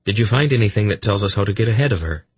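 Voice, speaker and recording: A man voicing an anxious young male king in an audiobook, urgent in tone, with a husky, gravelly voice. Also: lowish voice, expressive, very fast, no echo, voice pushed up. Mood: worried.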